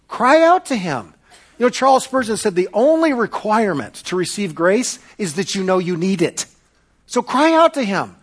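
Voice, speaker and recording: Male pastor mid-sermon, high voice, very animated delivery, shifts from loud to hushed. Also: normal speed.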